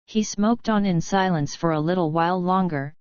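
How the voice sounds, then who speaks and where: A woman narrating an audiobook in an even, measured reading. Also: lowish voice, smooth, no echo. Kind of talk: scripted narration. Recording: dry, dull lo-fi recording.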